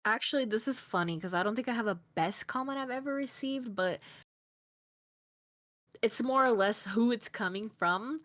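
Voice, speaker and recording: A woman's voice: fairly high pitch, normal speed, fairly bright tone. A woman streamer chatting as a guest in an interview, rambling and giggly with lots of filler words. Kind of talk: casual interview chat.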